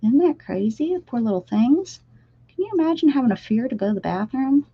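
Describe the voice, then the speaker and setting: A woman's voice: sits high, big pitch swings, a little fast, husky, no room sound. Pa woman doodling on stream, talks to chat, kinda dull lo-fi dry sound. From Pennsylvania, USA. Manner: chatty, talks straight to viewers, drifts into whispers. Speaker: art livestream host. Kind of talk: casual livestream chat while drawing. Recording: slightly dull lo-fi stream audio.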